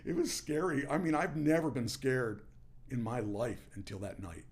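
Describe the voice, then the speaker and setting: A man, a former wrestler, telling stories in a casual podcast chat and rising into a loud promo voice when he quotes himself. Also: medium pitch, normal speed. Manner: animated, shouts into promo voice when quoting himself. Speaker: former pro wrestler guest. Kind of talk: casual storytelling.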